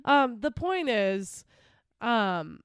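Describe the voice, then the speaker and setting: A woman's voice: on the high side, big pitch swings, extremely slow, clear, resonant tone, no echo, clean studio sound. A woman co-hosting a podcast in casual, emphatic chat, laughing often. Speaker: podcast co-host.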